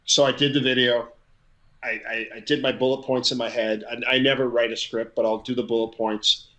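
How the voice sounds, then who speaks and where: A man's voice: mid-range voice, flat delivery, fairly quick, pushed and bright, rough recording. A middle-aged man, a guest on an interview show, tells a story casually and with energy, often repeating words as he gets going. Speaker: guest, crowd hype man.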